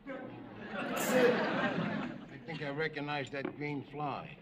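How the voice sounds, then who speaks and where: An actor playing a blustering, wisecracking middle-aged working-class husband in a 1970s sitcom, gruff and ungrammatical. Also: male voice, on the high side, slow pace, a loud crowd. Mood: joking. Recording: noisy sitcom audio with laugh track.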